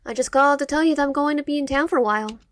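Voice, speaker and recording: A woman's voice: sits high, racing, no echo, voice pushed up, close to an everyday voice. A woman voicing a snippy young twin sister in a dating game, reading her lines in a curt, dismissive way.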